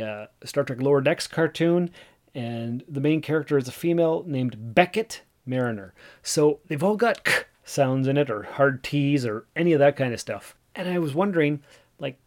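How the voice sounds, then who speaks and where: Hosting his podcast alone, a man in his forties speaks at medium pitch and a moderate pace. The talk is casual, rambling and self-deprecating, full of restarts.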